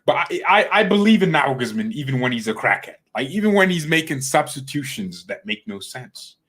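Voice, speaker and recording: A man's voice: medium pitch, sing-song, fairly quick, a bit bright, slightly rough. A man hosting a football fan channel, ranting casually and bluntly, trash-talking players and rivals and repeating words when he gets heated. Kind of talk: casual opinion rant to camera.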